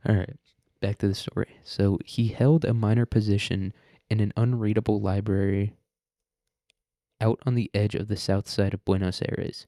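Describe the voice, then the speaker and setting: A man's voice: on the low side, level tone, moderate pace, dark tone, no echo, clean studio sound. A young man podcast host reading a story aloud and breaking off for irreverent, profane commentary. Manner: irreverent, profane, laughs often.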